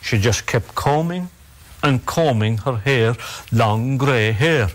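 An Irish man tells a ghost story the old way, in a middle-pitched voice. He lingers on repeated words and lets the pauses hang, building the tension slowly. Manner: measured and dramatic, with repetitions and pauses. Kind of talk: oral folk storytelling.

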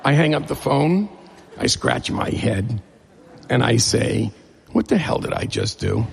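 Middle-aged male storyteller, gravelly and husky, lively and humorous, recorded in a reverberant hall. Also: medium pitch. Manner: lively, humorous, acts out dialogue. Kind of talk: personal storytelling to an audience.

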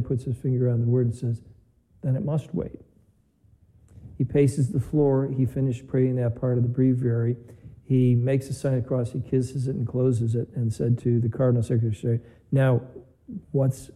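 Mellow-voiced priest giving a chatty homily. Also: male voice, mid-range voice, little pitch movement, brisk, low-quality recording. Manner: conversational storytelling with quoted dialogue. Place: chapel.

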